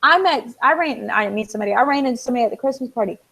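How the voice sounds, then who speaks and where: A woman's voice: a little high, rapid-fire, vocal fry, low-quality recording. A woman co-hosting a casual chat, telling stories animatedly and acting out the people she quotes. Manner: animated storyteller, acts out quoted dialogue. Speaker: co-host.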